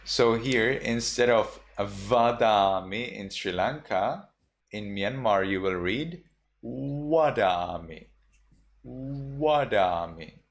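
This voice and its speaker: A man's voice: lowish voice, slow. A man teaching a class of children, patiently spelling out sounds and repeating them for the class to echo. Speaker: Buddhist monk teacher.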